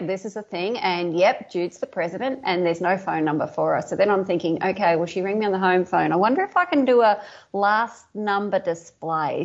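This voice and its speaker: Australian woman, guest artist on an interview podcast, animated storyteller, mid pitch, muffled remote audio. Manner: animated storyteller, laughs often, acts out quoted dialogue.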